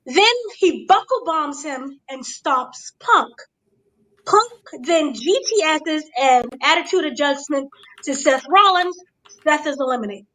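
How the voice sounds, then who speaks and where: A woman hosting a casual review chat, giving an excited blow-by-blow recap and checking in with her listeners. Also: high voice, a little slow, rough recording. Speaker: podcast host.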